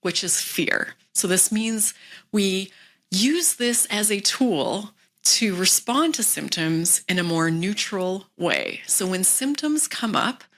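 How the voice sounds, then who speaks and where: Gentle, reassuring woman coach. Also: medium pitch, slow. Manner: calm, gentle, reassuring, drops into soft whispers. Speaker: wellness coach. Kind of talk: instructional talk to camera.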